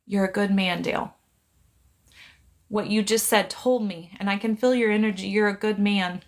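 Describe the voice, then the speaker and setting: A middle-aged woman, a psychic medium, talking gently and pleadingly into her phone on a live stream, reassuring a viewer in one side of a conversation. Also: medium pitch, normal speed.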